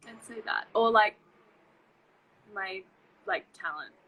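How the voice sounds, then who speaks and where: A woman's voice: medium pitch, slow pace, bright, forceful tone, poor audio. A woman, chatting casually on a live stream and reading out viewer questions. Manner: reads out viewer questions, laughs easily. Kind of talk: casual chat.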